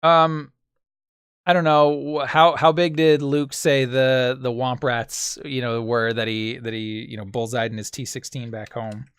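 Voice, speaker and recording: A man's voice: medium pitch, flat delivery, unhurried, fairly bright tone, clean tone, no echo. Man narrating a tabletop game, dry sound. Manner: vivid description with mouth sound effects. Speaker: game master.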